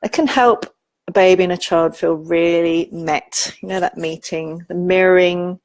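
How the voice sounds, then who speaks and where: Gentle woman speaker on parenting, lowish voice, some vocal fry, dry close recording. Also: fairly even intonation, moderate pace, dry recording. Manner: gentle, warm-paced teaching with soft asides and acted-out quotes. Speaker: parenting educator. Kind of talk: informal talk.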